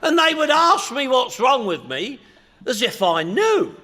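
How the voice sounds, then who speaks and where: A middle-aged man with a London accent, telling comic stories to a crowd in a loud, joking, punchy way with bursts of shouting. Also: extremely high pitch, sing-song, unhurried, noisy background. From England. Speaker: recovery meeting speaker. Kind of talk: comic storytelling talk to a crowd.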